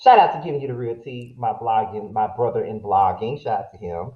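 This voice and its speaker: A man's voice: lowish voice, a little fast. A man hosting a casual interview show, joking around and using slang. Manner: lively, joking, uses slang. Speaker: show host. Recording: roomy, dull sound.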